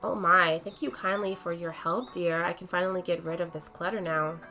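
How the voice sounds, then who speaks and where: A woman's voice: lowish voice, fairly even intonation, moderate pace, pushed and bright, faint music behind. A woman voicing a kindly older woman who speaks politely and homely, calling people "dear". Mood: grateful. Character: kindly old woman clearing out clutter.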